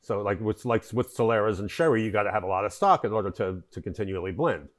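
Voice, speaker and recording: A man's voice: lowish voice, quick pace. Man explaining at length, with fillers. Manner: explanatory, rambling with fillers and restarts. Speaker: wine importer, guest. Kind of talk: conversational interview.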